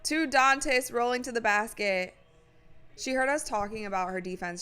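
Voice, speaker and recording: A woman hosting a live watch party, chatting casually through the game, answering viewers' comments and bursting into excited exclamations at big plays. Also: fairly high pitch, normal speed, smooth.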